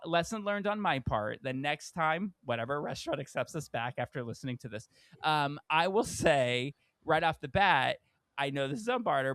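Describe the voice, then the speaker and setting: A man co-hosting a podcast, telling a story in an animated, casual way. He acts out the people in it with sudden leaps in his somewhat high voice. The sound is dry and close, with no room around it. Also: no room sound. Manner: animated storyteller, acts out quoted people with big pitch jumps. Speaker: podcast co-host.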